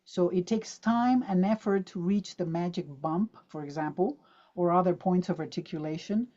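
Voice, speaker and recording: Lively woman teaching pronunciation, lo-fi call. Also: on the low side, moderate pace. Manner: lively, demonstrative, drills words aloud and quizzes the audience. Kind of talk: online teaching talk. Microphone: video call.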